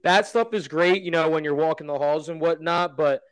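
A man's voice: on the high side, normal speed, smooth. A man co-hosting a sports podcast, telling stories in a laid-back, profane, chatty way. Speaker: podcast co-host. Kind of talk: casual sports podcast banter.

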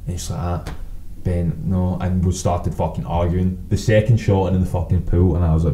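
Low-sitting and level, his dark voice keeps a normal speed with few pauses, against slight background noise on a low-quality recording. The speaker is a Scottish podcast co-host who rambles through sweary anecdotes, acting out both sides of each conversation.

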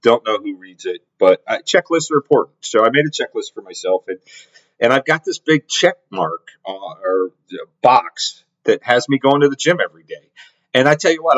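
A man's voice: medium pitch, expressive, moderate pace, fairly bright tone. A middle-aged man telling a story in a casual podcast monologue, rambling with lots of restarts and repeated words. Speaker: podcast host. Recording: slightly dull lo-fi audio.

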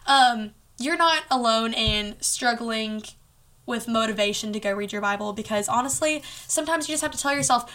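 Earnest woman podcast host, casual faith talk, higher bright voice, chatty fillers. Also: normal speed.

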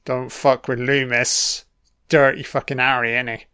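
A man's voice: mid-range voice, little pitch movement, unhurried, bright, forceful tone, clean tone, no echo, studio quality. Sweary man mocking a film. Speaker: film commentator. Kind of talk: casual film commentary.

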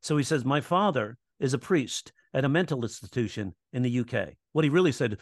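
A man's voice: mid-range voice, animated, a little fast, hardly any pauses, no echo, studio quality. A man coaching comedy writing in a casual interview, explaining in a teaching tone and acting out audience reactions and quoted lines. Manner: teaching tone, checks in with "right?".

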